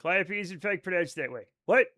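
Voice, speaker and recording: This young gamer livestreams with a high, bright, forceful voice, speaking fairly fast with lively intonation. Profane and chatty, he reads viewers' messages out loud and responds with riffs.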